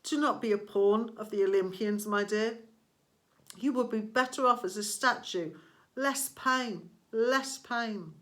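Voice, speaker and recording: A slow, purring female monster with snakes for hair, coaxing and menacing in turn, as a woman reads her in a storybook. The voice is bright and sharp-edged, and every word is drawn out. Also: a little high. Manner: purring and persuasive, turning to snarls.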